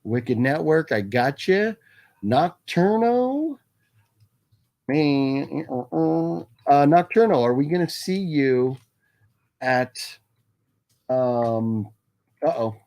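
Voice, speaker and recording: This livestream host has a medium-pitched, gravelly voice with a darkish tone, and he takes his time. Broadcasting casually from a home room stocked with his movie collection, he rambles through chat, calls out viewers' names, and laughs frequently.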